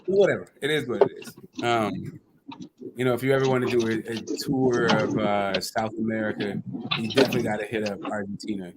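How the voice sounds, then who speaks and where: A man's voice: on the low side, steady tone, fairly quick, heavy background noise. A man hosting a casual livestream chat about boxing, joking and swearing freely. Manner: joking, loose and profane. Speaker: podcast host.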